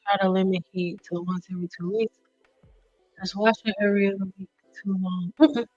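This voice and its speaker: A young woman hosting a hair care live stream, chatting with viewers in a loud, playful way. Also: mid-range voice, little pitch movement, moderate pace, dry recording, dull audio, faint music behind. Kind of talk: casual live-stream chat.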